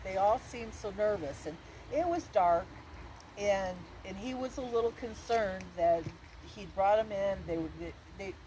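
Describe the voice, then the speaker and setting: A woman telling a spooky story in a folksy, halting way, with many restarts. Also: medium pitch, mellow, slight background noise, rough recording. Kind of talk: spoken ghost-story telling. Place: outdoor event.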